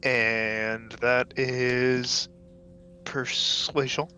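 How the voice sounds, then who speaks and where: Brief: easygoing male player with a bright, smooth voice and relaxed, slow delivery. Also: medium pitch, slight background noise. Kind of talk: casual tabletop game chat.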